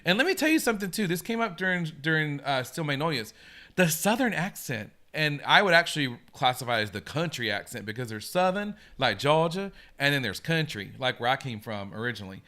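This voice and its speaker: A man's voice: a little high, sing-song, fairly quick, pushed and bright. A man hosting a casual live stream, chatting eagerly and reacting to viewer comments. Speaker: host.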